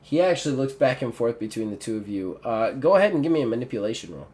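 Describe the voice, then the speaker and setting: A man's voice: medium pitch, very animated, fast, darkish tone. A man narrating a tabletop game as its game master. He rambles, fills gaps with "uh" and "like," and corrects himself mid-sentence, with a voice in the middle range for a man. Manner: rambling, filler-heavy, self-correcting.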